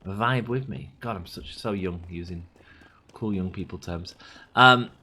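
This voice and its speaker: A man's voice: low-pitched, a little slow, pushed and bright, slightly rough. Chatty man rambling over gameplay. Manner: rambling, chatty, oversharing anecdotes. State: sick. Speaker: gaming channel host. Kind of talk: casual let's play commentary.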